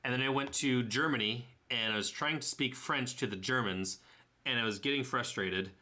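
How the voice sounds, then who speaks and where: A man's voice: mid-range voice, moderate pace, sharp tone. A young man with a Tennessee accent narrating his trip photos in a casual, rambling way, often correcting himself with a chuckle. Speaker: travel vlogger.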